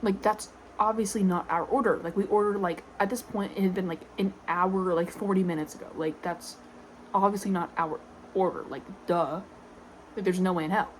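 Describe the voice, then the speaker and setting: A young woman ranting casually to camera, exasperated and swearing, filling every pause with "like" and frequent sighs. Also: lowish voice, steady tone, a little hiss or hum, low-quality recording. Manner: exasperated, swearing, constant "like" fillers, sighing. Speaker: vlogger.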